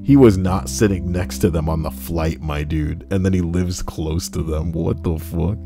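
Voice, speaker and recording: A man's voice: deep voice, steady tone, normal speed. A man casually reading internet posts aloud and joking about them, with plenty of swearing and asides. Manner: jokey, swears, breaks into laughter and mock voices. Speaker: reddit story reader and streamer. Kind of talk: casual live reading with commentary. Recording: light guitar music underneath.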